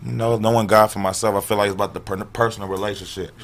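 A man telling stories in an animated, profane way as a podcast guest in a casual chat. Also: lowish voice, very fast.

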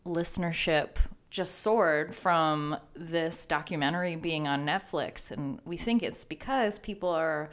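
A woman's voice: sits low, a little slow, few pauses. A woman co-hosting a podcast in casual chat, with an easygoing, encouraging manner. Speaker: podcast co-host.

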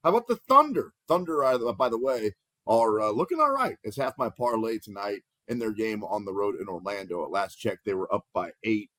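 A man hosting a sports betting show, playful and energetic, reading out odds and plugging the network. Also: on the low side, a little fast, no room sound.

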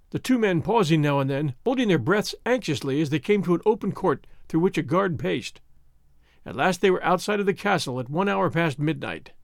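Storyteller, male, lively intonation, dry close recording. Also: fairly high pitch, no room sound. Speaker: narrator. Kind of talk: storybook reading.

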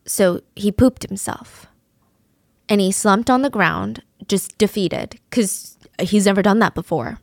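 A woman's voice: mid-range voice, dry recording, clean studio sound. A woman narrating a true crime story in a casual, vivid, conversational way, sometimes dropping to a whisper.

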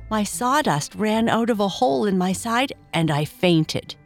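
A woman's voice: medium pitch, expressive, unhurried, soft background music, voice pushed up. Woman doing a sweet, chatty little doll. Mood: eager. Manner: eager, chatty, cheerful. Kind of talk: storybook reading.

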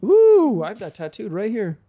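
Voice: medium pitch, big pitch swings. Jokey, swearing podcast co-host. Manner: jokey, swears, quick voice bits. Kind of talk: casual chat.

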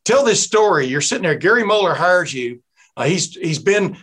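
A man's voice: high-pitched, very animated, normal speed, fairly bright tone, slightly rough. A man from East Texas hosting a podcast, chatting casually with folksy asides and lots of fillers. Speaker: podcast host. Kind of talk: casual interview chat.

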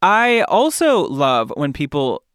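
A man's voice: on the high side, huge pitch swings, takes it slowly, a bit bright, clean tone, no room sound, studio quality. A man hosting a podcast in casual chat, with a chatty, playful, campy manner. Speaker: podcast host.

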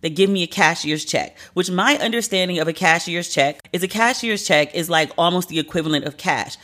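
A podcast host in their thirties, venting in a casual, animated and profane solo monologue. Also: mid-range voice, brisk.

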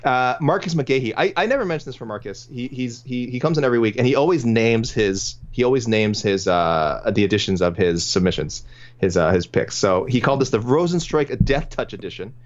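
A man's voice: medium pitch, lively intonation, brisk. Chuckling man on a lo-fi podcast. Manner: chatty, chuckling, many restarts. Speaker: podcast co-host reading listener picks. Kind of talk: casual sports podcast chat. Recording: dull lo-fi audio.

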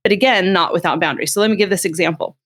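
A middle-aged woman with a lowish voice races through her words as a parenting expert. She explains in a casual, conversational way, animatedly telling stories and acting out quotes.

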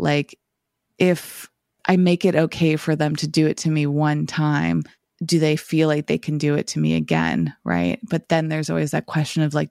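Tired, rambling woman with a gravelly edge. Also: sits low, darkish tone, no echo, clean studio sound. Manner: rambling, reflective, many filler "like"s. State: tired, slightly scratchy voice. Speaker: podcast host. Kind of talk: casual solo podcast reflection.

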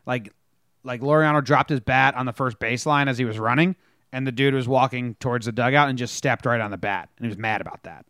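Animated man telling sports stories. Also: medium pitch, quick pace, no room sound, clean studio sound. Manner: animated storytelling, acts out players' lines. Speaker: podcast co-host. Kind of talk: casual sports chat.

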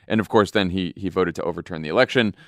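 A man's voice: sits low, fast, no echo, clean studio sound. A man hosting a podcast, talking politics in a conversational, wry way. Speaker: podcast host. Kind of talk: casual political chat.

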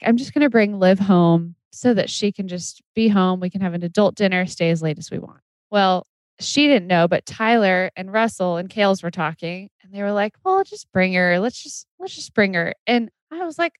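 Chatty woman sharing quick anecdotes. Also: medium pitch, no room sound. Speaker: podcast co-host. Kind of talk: casual chat.

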